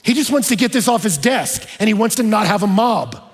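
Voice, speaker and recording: A man preaches an expository sermon in a large church auditorium. His voice is husky and sits a little high, dropping to hushed lows and rising to emphatic peaks. A long hall reverb trails his words. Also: expressive, brisk. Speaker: pastor.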